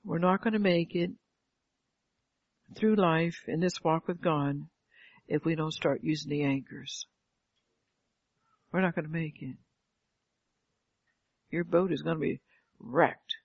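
A woman's voice: deep voice, creaky, husky, dry recording. An older woman preaching a fervent sermon, calling out "Amen" and firing rhetorical questions at the congregation. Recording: dull lo-fi, dry sound.

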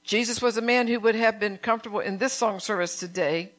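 A woman's voice: medium pitch, brisk, fairly bright tone. A woman preaching a sermon in a conversational, fervent way, often checking in with her congregation.

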